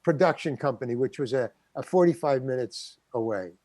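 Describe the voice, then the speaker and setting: A man's voice: medium pitch, fairly quick, a little mellow, no echo. An older man, a guest actor, telling a story in an interview and acting out the quotes. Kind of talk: anecdotal storytelling.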